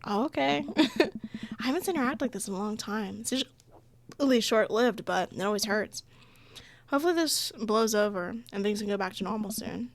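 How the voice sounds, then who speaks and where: A woman's voice: medium pitch, no room sound. A young woman playing a dating game, chatting casually, reading the story aloud and laughing often. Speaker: let's play gamer.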